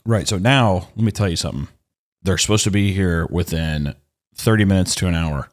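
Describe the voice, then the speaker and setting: A man's voice: deep voice, normal speed. A man hosting a comedy podcast, telling an exasperated, profane story in a casual way. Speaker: podcast host.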